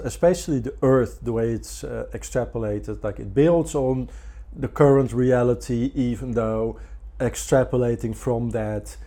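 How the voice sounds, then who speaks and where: A man, a scientist guest in a casual chat, explaining calmly with dry humor. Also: mid-range voice. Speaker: guest, evolutionary biologist.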